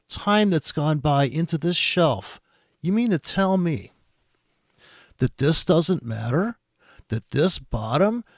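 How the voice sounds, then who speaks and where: A man's voice: a little high, no echo, clean studio sound. A man giving profane, sarcastic commentary on a trading video, sounding exasperated and swearing often.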